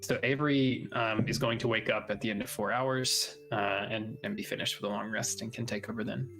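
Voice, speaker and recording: A man acting as game master, hedging through rules with ums and restarts. He slows into hushed, atmospheric narration, with faint music playing under his voice. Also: lowish voice, steady tone, rough recording. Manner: hesitant, rule-checking, then slow atmospheric narration.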